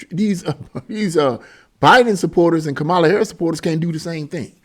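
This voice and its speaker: A man's voice: on the high side, brisk. A man giving a casual opinion monologue to his viewers, exasperated and preachy, repeating himself and laughing between points. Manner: laughs mid-sentence. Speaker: political commentary vlogger.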